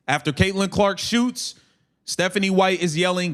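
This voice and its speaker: A man calling a game play by play on a livestream in clipped bursts, brashly mocking players and swearing. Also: sits high. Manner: rapid clipped play calls. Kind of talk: casual play-by-play commentary.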